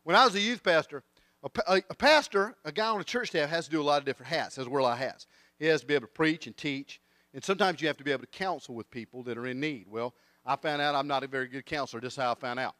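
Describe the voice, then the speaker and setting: Middle-aged preacher, high-pitched, animated storyteller. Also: male voice, racing, no room sound. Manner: animated storyteller, acts out voices. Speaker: guest preacher. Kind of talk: sermon with comic storytelling. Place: church.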